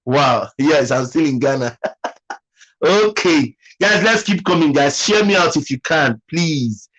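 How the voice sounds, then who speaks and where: A man's voice: a little high, lively intonation, unhurried, fairly bright tone, poor audio. A Nigerian man hosting a casual livestream, chatting and teasing while reading viewers' comments. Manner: chatty, repeats phrases, teasing. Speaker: livestream host.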